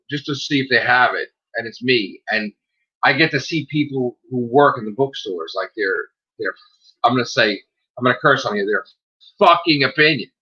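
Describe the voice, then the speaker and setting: A man's voice: mid-range voice, normal speed, slightly rough, dull audio. A man, a self-published author, chatting casually on a livestream, swearing and acting out what people said. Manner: animated storyteller, swearing, acting out dialogue.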